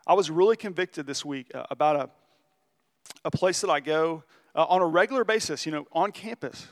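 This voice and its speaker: Earnest man preaching a conversational sermon. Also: fairly high pitch. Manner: earnest, confessional storytelling, slows for emphasis. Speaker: pastor.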